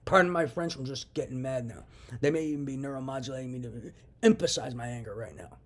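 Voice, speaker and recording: A man's voice: medium pitch, fast talker. A young man delivering a heated, profane monologue, repeating himself as he vents. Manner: heated, profane ranting with repetitions. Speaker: vlogger. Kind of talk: angry monologue to camera.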